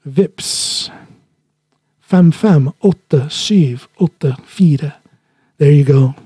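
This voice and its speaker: A man hosting his own podcast wanders from point to point in easy, chatty talk. His voice sits a little high yet sounds very dark and mellow, with a husky grain. The sound is close and dry. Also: no room sound. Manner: rambling, chatty, laughs at himself. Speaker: podcast host. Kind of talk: casual solo podcast monologue. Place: living in Norway.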